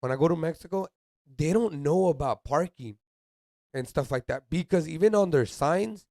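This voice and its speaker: A young man co-hosting a casual podcast, his full of slang and dropped Spanish words. His voice has a gravelly, crackly edge and sits a little high, and the recording is close and dry with no room sound. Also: moderate pace, a little mellow, no room sound. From United States. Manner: laid-back slangy banter, mixes Spanish words. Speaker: podcast co-host. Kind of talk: casual chat.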